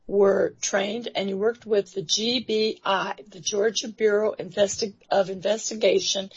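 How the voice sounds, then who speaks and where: A woman host interviews her guest at a slow, unhurried pace. Her voice is husky and breathy, and she halts often with fillers and restarts. The recording sounds dull and lo-fi. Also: mid-range voice. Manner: hesitant, halting with frequent fillers and restarts. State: emotional, near tears. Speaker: radio show host.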